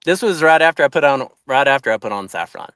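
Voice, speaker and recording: A man's voice: mid-range voice, very animated, fast talker, a bit bright, clean tone, no echo. A man, a traveling yoga monk, chatting casually in an interview and acting out voices. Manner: chatty, acts out quoted voices, laughs often.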